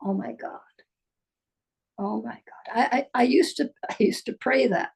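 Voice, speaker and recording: An older woman giving a slow, musing spiritual talk, dropping at times into soft whispers. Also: fairly high pitch, gravelly, breathy edge. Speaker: spiritual teacher. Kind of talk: reflective spoken talk.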